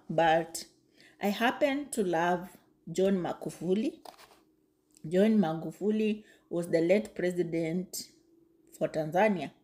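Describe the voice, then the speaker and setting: A woman talks to her viewers in a slow, unhurried way, her voice mellow and a little low. She is emphatic and circles back to her points, repeating herself and breaking into exclamations. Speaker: video commentator. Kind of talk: casual commentary to camera.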